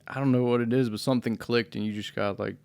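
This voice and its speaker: A man's voice: medium pitch, steady tone, fast, gravelly, a little mellow, no echo. Young male podcast host. Mid voice, laid-back and rambling, dry close recording. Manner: laid-back, rambling, laughs often, swears. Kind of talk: casual podcast chat.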